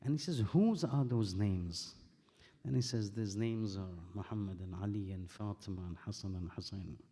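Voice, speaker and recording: A man giving a religious sermon. He narrates a sacred story earnestly and steadily, quoting scripture and reciting Arabic verses rapidly. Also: on the low side, dark tone. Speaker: preacher.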